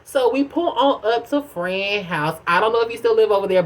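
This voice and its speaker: A young woman vlogs a personal story straight to camera, chatty and casual, constantly addressing the viewer as "girl" and "y'all." Her pitch and volume swing dramatically, and she speaks animatedly at a moderate pace with few pauses.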